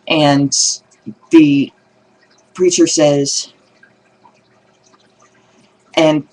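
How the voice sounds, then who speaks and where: Man telling jokes, animated storyteller. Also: on the high side, rough recording. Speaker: video blogger telling jokes. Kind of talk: casual joke telling.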